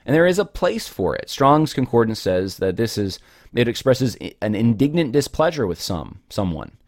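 A man's voice: medium pitch, sing-song, normal speed, no room sound, studio quality. A man giving an informal Bible teaching in an earnest, conversational way, with frequent fillers and restarts.

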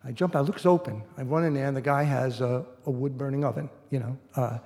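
Speaking a little fast in a warm, medium-pitched voice, a middle-aged man shares a personal story before an audience on a large hall's stage. He keeps it relaxed and chatty, dropping in plenty of "you know"s, while the hall's reverb fills out the sound.

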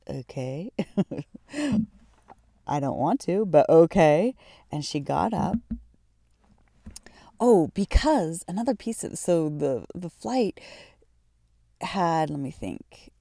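A woman's voice: low-pitched, dark tone, no echo, clean studio sound. A woman, hosting a podcast and telling a personal story in a reflective way, often searching for words. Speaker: podcast host.

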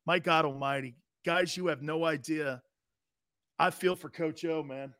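A man's voice: fairly high pitch, a little slow, no echo, clean studio sound. A man hosting a sports talk show, ranting casually and brashly to his viewers. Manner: brash, animated, talks straight to viewers.

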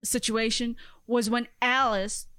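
A woman with a high voice chats casually as a podcast co-host, laughing often and firing back with strings of denials. Her voice sounds dry and close, with no room around it. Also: flat delivery, slow pace, pushed and bright, clean tone, no echo. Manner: laughs a lot, argues back with repeated no's. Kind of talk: casual banter.

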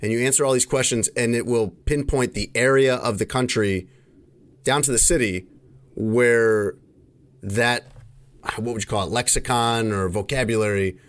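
A man from Chicago chats casually as a podcast host. His voice sits in a middle pitch. He tells long, rambling stories with loose asides. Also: normal speed. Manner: chatty, rambling storyteller. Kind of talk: casual chat.

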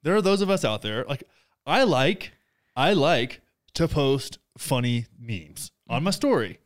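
A man co-hosting a podcast in casual chat, dry and self-deprecating, dropping into low mumbled asides. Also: big pitch swings, unhurried. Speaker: podcast co-host.

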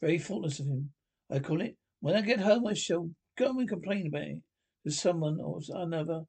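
A man's voice: a little high, expressive, fairly quick, gravelly, a little mellow, slightly rough, full character voice. A man voicing a peevish, literal-minded male mole in a storybook reading. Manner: peevish and complaining.

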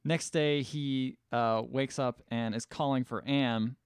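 A man's voice: mid-range voice, fairly even intonation, takes it slowly, smooth, no echo, studio quality. A man co-hosting a casual movie podcast, retelling scenes loosely with quoted lines. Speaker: podcast co-host. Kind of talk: casual movie review chat.

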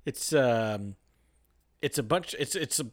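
A man's voice: mid-range voice, animated, slow pace. A man co-hosting a podcast in easygoing casual chat who laughs often. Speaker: podcast co-host.

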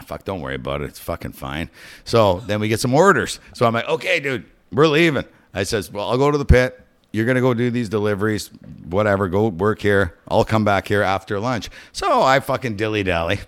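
Middle-aged male host with a bright, forceful voice; profane, lively yarn-spinner who can drop low or shout. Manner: profane, animated, swings from hushed to shouting. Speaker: podcast host. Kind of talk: casual storytelling.

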